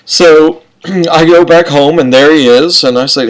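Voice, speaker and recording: A man tells a personal story in a relaxed, rambling way, looping back on himself with "okay" and "and so". His voice sits at an ordinary middle pitch, and the telling feels like casual talk among friends. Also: moderate pace. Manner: rambling, chatty, frequent "okay" and "and so". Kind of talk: casual spoken anecdote.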